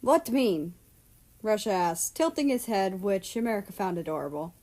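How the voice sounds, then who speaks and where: Woman, fanfiction narrator, casual storybook reading, mid pitch. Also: animated, brisk, mellow. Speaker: fanfiction reader.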